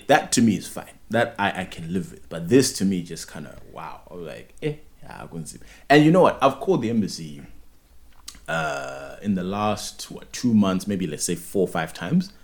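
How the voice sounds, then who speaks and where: A man's voice: fairly low pitch, very animated, normal speed, creaky. A young Zimbabwean man whose first language is Ndebele, telling a story in casual chat and acting out both sides of a phone call.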